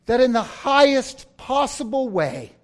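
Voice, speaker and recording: Dramatic preacher man, shouts then hushes. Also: very high-pitched, big pitch swings, measured pace. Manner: dramatic, swings from shouting to near-whispers; acts out story voices with humor. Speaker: pastor. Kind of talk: sermon.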